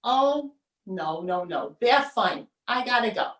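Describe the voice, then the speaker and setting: A chattering, bossy mother who never listens, as a woman puts her on in a solo stage show. She gushes and dismisses in a lively, swooping voice. The sound is roomy and heard from a distance. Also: a little high. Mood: dismissive. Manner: brisk, bossy, brushing things off.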